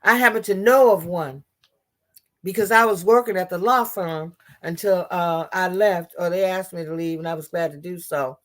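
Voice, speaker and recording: A woman's voice: on the low side, moderate pace. A woman giving impassioned political commentary, blunt and profane, often restarting her sentences.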